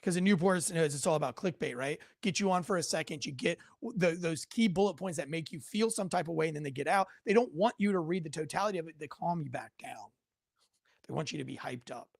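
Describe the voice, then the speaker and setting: Male commentary host, slightly high voice, dry close sound, rambling, sarcastic. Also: fast, gravelly, no room sound. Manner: rambling, sarcastic asides, frequent self-corrections. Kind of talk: casual news commentary. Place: home.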